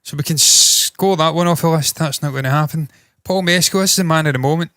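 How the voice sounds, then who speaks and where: A man's voice: a little high, fairly quick, pushed and bright, clear, resonant tone, dry recording, clean studio sound. Blunt, swearing man with a lilt. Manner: blunt, swears freely, opinionated. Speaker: entertainment news host. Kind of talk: casual opinion commentary.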